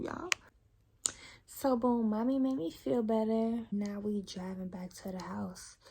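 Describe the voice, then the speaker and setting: Gravelly young woman telling a story. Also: medium pitch, a little mellow. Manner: chatty, profane, addresses viewers directly. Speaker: vlogger. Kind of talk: casual storytime vlog.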